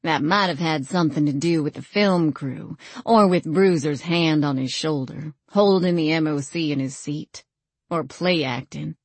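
A woman reading a first-person novel aloud as an audiobook narrator, in a measured, dry storytelling manner. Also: low-pitched, no echo.

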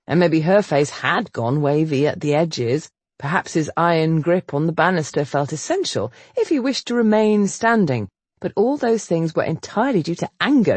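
A woman narrating a period romance audiobook in an expressive storytelling manner. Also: low voice, slightly rough, no echo. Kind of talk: scripted narration.

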